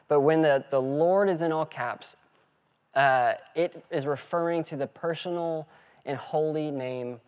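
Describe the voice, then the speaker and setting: A man preaching a sermon as pastor, earnest and steady, also leading a spoken prayer. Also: medium pitch, dull audio.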